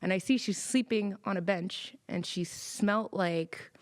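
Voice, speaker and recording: Young woman podcast co-host, lively storyteller, casual, a bit profane. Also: medium pitch, measured pace. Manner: animated storyteller, swears freely, acts out quoted people. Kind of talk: casual chat.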